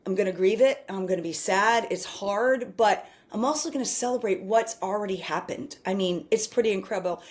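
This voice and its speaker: A woman's voice: medium pitch, a little fast, hardly any pauses. A woman who works as a coach, talking in a casual conversation with enthusiastic, rambling run-on sentences.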